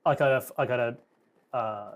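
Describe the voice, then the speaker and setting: A man playing in a tabletop role-playing game, talking casually and excitedly, often restarting his sentences. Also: mid-range voice, takes it slowly. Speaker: player.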